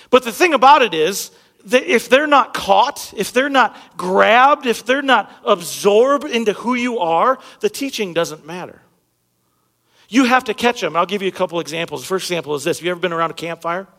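A man in his thirties preaches from a church stage, mixing jokes and chatty asides with the congregation. His voice sits high for a man and he leans hard on key words. A long reverb from the big hall trails behind every phrase. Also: lively intonation, normal speed, a bit bright. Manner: conversational and humorous, jokes with the congregation; emphatic, punching key words. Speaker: pastor. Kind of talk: sermon. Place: church sanctuary stage under bright lights.

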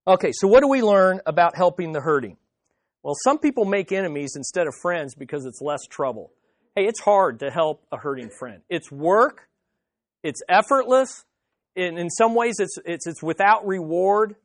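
A man preaching a sermon as pastor, speaking directly to the listeners and emphatically repeating his key phrases, swinging between loud and hushed. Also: high voice, lively intonation, moderate pace, no room sound, studio quality.

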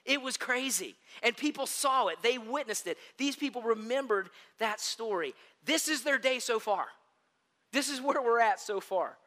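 A man preaching a sermon as a pastor, telling stories in an animated, self-deprecating and humorous way. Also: very high voice, moderate pace. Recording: long reverb of a large hall.

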